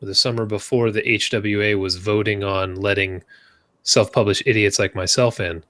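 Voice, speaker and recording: A man hosting a casual podcast chat, joking and self-mocking, jumping up in pitch when he asks questions. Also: steady tone, moderate pace, fairly bright tone. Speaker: podcast host.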